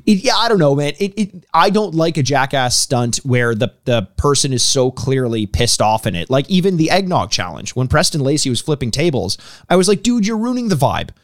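A man's voice: mid-range voice, animated, brisk, no room sound, studio quality. A man co-hosting a casual podcast chat, often restarting his sentences and laughing. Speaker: podcast co-host.

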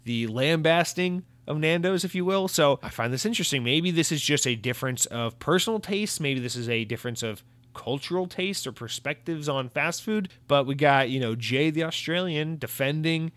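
A man's voice: fairly high pitch, normal speed, dry recording. American man hosting a casual podcast. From United States. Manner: rambling, animated, reads listener comments aloud. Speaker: podcast host. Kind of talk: casual solo podcast chat.

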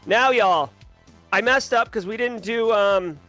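A man with a high, bright voice hosts a live stream in an energetic, casual way, calling out viewers with a playful sing-song lilt. Music plays softly behind him. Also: a little slow. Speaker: livestream host.

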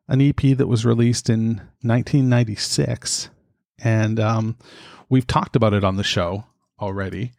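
A podcast host chatting casually at home, out of breath and breathing heavily, rambling with lots of fillers. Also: male voice, mid-range voice, gravelly, a little mellow, no room sound, studio quality. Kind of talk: casual chat. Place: home studio.

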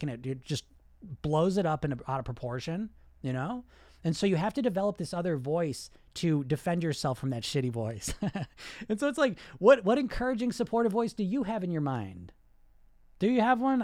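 A man's voice: sits high, fairly quick, no echo. Blunt, profane man coaching, dry sound. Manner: blunt, profane, animated, acts out inner voices. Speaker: weight loss coach. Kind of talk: live podcast monologue.

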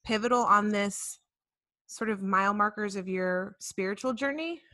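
A woman's voice: medium pitch, moderate pace, pushed and bright, dry recording. A woman hosting a podcast, asking thoughtful questions in a casual interview tone with frequent "um" and "like". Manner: thoughtful, questioning, many fillers like "um" and "like". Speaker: podcast host.

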